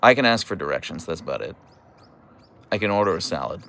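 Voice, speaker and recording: A man's voice: low-pitched, expressive, quick pace, a bit bright, a little hiss or hum. A man from Pittsburgh with a Pittsburgh accent, chatting casually on a livestream, reading viewer comments and teasing. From United States. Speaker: livestream host reading chat.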